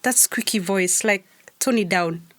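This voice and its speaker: A woman co-hosting a podcast, chatting casually and telling lively stories, acting out what people said. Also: measured pace, no echo. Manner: animated storyteller, acts out quotes with big pitch jumps and laughs. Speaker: podcast co-host. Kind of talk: casual chat.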